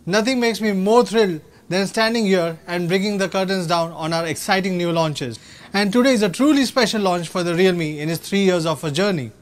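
A man's voice: sits high, fairly quick. A man giving a proud, rallying scripted keynote as a company executive at a product launch. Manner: proud, rallying, slightly stilted phrasing.

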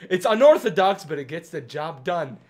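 A man giving casual, excitable gaming commentary with friends, swearing, yelping and laughing. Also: a little high, normal speed. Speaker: let's play commentator.

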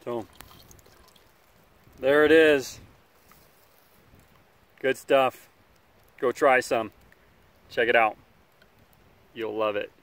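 A man hosting a casual outdoor survival vlog, talking in a relaxed, rambling way by a campfire, sometimes chewing as he speaks. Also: mid-range voice, very slow, long pauses, no echo. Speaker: outdoor survival channel host.

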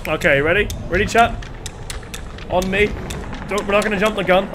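A man with a Northern Irish accent, commentating live on his gameplay in an excitable, chatty way, calling out to his viewers. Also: high-pitched, normal speed, noisy background. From Northern Ireland. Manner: excitable, chatty, calls viewers lads and chat. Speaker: game streamer. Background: music.

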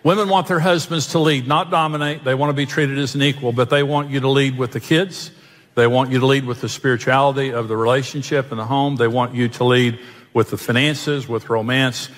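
A man's voice: medium pitch, fairly even intonation, a little fast. A male pastor preaching a sermon, telling jokes and self-mocking stories. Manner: joking, self-mocking storyteller. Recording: long hall reverb.

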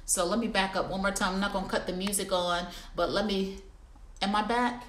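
A woman's voice: medium pitch, steady tone, brisk, a bit bright. A chatty woman runs a casual live shopping stream, talking straight to her viewers. Her voice sits in a middle range for a woman. The room around her is echoey. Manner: chatty, addresses viewers as y'all. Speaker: livestream shopping host. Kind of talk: casual live product review. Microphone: phone or computer livestream.

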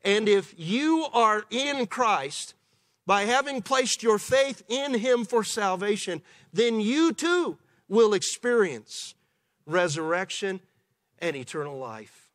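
A man preaching a sermon as pastor, in a measured way with slow, emphatic pauses. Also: sits high, animated, fairly bright tone. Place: church.

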